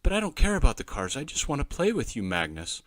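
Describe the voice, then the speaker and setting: A man reading a children's storybook, voicing a young boy with a raised, loud boyish voice. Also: mid-range voice, wildly swooping pitch, quick pace, no echo, voice pushed up. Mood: gentle pleading. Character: young boy, hurt but forgiving.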